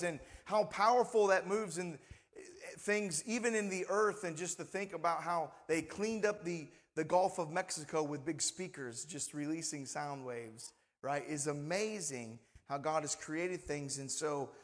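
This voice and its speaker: Seorang pendeta pria berkhotbah dengan gaya santai, suara agak tinggi, terekam di aula gereja yang bergema. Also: male voice, on the high side, big-room sound. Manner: conversational, asks the congregation for responses. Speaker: pastor. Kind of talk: sermon. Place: church sanctuary.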